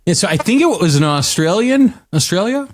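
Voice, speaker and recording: A man's voice: sits high, very animated, brisk. An American man co-hosting a podcast, retelling a news story in casual chat with frequent hesitations. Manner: hesitant storytelling with many fillers and restarts. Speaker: podcast co-host.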